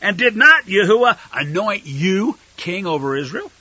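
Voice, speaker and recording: A man's voice: sits high, very animated, normal speed, bright, forceful tone, breathy edge, dry recording, full character voice. A man voicing a stern, exasperated old prophet who scolds a king with sarcasm and modern slang, on a dull lo-fi recording. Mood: scolding.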